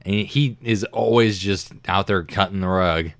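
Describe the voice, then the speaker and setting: Laid-back man with a very low voice. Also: unhurried, no room sound. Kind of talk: casual chat.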